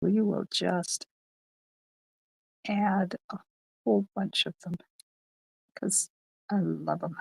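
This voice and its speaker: A woman's voice: medium pitch, steady tone, takes it slowly, creaky, long pauses, slightly rough, no echo, low-quality recording. An older woman, a card-making instructor, chatting to viewers during a live-streamed craft tutorial in her home craft room. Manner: chatty, talks to viewers while stamping.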